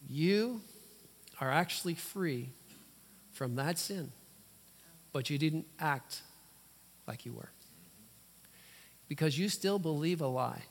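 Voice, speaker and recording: A man's voice: a little high, gravelly. Emphatic male preacher with long hall reverb. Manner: emphatic, with dramatic pauses and sudden loud bursts. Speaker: pastor. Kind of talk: sermon. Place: church.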